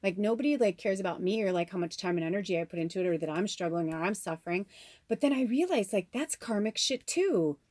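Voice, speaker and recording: Female tarot vlogger, candid and emotional, middle pitch, dry sound. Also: lively intonation, fast, a little mellow, no echo. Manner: candid and emotional, swears freely. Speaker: tarot reader and channel host. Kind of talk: casual spiritual vlog monologue.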